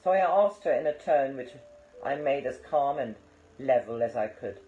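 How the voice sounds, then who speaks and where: A man reading an audiobook aloud in a calm, measured way. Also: mid-range voice, a little hiss or hum. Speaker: audiobook reader. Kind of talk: audiobook narration. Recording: roomy, slightly dull recording.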